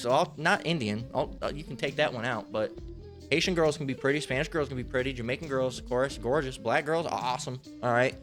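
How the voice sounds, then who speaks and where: A man's voice: medium pitch, fairly bright tone. A man giving a casual Bible lesson in a rambling, slangy way, swearing freely. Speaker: lay Bible teacher.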